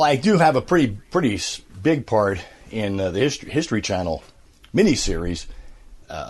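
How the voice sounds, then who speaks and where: A man in his fifties, a voice actor, telling stories in a casual interview with an animated, filler-laden manner. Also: lowish voice. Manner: animated storyteller, many fillers. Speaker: voice actor, guest.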